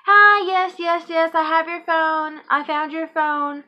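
A woman's voice: very high-pitched, takes it slowly, pitched above the performer's own voice. A woman imitating the eager, evasive stranger who claims to have found her phone, in a dull lo-fi recording.

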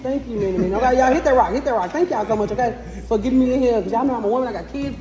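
A woman's voice: a little high, racing, lo-fi sound. A woman, vlogging casually and talking effusively straight to her viewers. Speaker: family vlogger. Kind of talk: casual vlog to camera. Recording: echoey room with noise.

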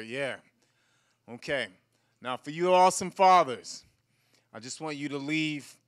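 A male moderator hosts a community event with upbeat encouragement. His voice is bright, smooth and resonant, and pitched a little high for a man. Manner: upbeat, encouraging, directs the audience. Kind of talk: event hosting.

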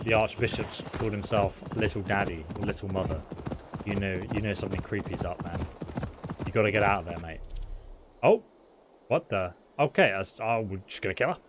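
A man's voice: on the low side, a little hiss or hum. A man giving casual, jokey, sarcastic commentary while playing a video game. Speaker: gameplay commentator. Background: game music and sounds.

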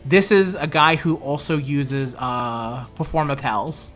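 A man's voice: medium pitch, takes it slowly, a bit bright, faint music behind. A man hosting a casual gaming commentary, reading a card game story aloud and laughing, joking and swearing as he reacts.

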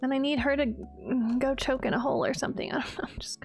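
A young woman with a slightly high voice talks through a game in a loose, chatty way. She is sarcastic and self-deprecating and laughs often. Soft music plays faintly behind her. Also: level tone, fast talker, creaky, no echo. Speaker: gaming video creator. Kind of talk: casual gameplay commentary.

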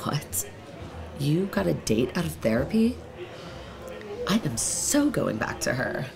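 An actress playing a chatty, nosy young woman flatmate who teases quickly, in a sitcom. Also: deep voice, creaky, crowd noise, heavily acted. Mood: teasing. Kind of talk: sitcom acting.

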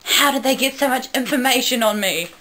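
A woman's voice: on the high side, animated, normal speed, background noise. A woman voicing a brash, cheerful male time-travelling captain in a dramatic reading of fan fiction, with an eager, slightly raised voice. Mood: excited.

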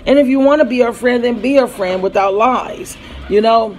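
Her voice is fairly high and darkish, moving at a moderate pace with few pauses, over a little hiss or hum in a low-quality recording. She's a thirtysomething mother vlogging at home about family life, kids nearby, rambling through a story, voicing the quoted dialogue, and stopping to call to her children.

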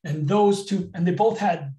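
A man from Canada leading a live leadership training webinar in a candid, energetic way, over a video call. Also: sits high, moderate pace, echoey room, recorded from a distance, rough recording. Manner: energetic, candid, gets emotional.

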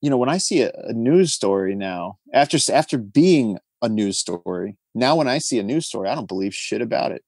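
A man, a conservationist guest on a podcast, telling stories in an animated, wry way and acting out what other people said. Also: medium pitch, a little fast, few pauses, breathy edge, no room sound. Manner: animated, wry storyteller acting out quoted voices. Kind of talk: storytelling in a casual interview.

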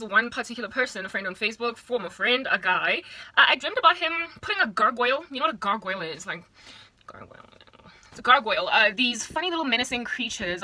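A young South African woman talks to the camera in a casual vlog monologue, animated and chatty with slangy asides. Her voice is on the high side, and the low-quality recording was made in a small room at home.

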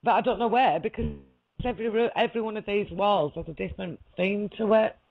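Speaking quickly at a medium pitch, a woman in her 40s appears as a guest in a casual conversation, wandering through a story. She laughs a lot and keeps checking that listeners follow her, and the audio is lo-fi.

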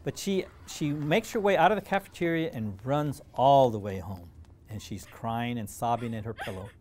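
A man reading a children's storybook aloud, animated, with dramatic pauses. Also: mid-range voice, slight background noise.

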